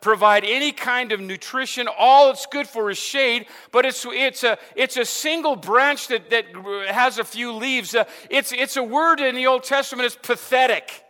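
Very high-pitched, pushed and bright, this Arizona pastor speaks at a moderate pace with hardly any pauses in a big-sounding room. His sermon is loose and conversational, peppered with "amen" and repeated words.

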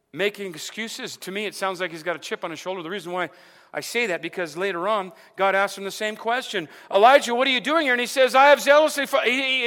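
His voice sits high, pushed and bright, with a big-room sound. He's an Arizona pastor giving a conversational sermon full of "amen" fillers and repeated words.

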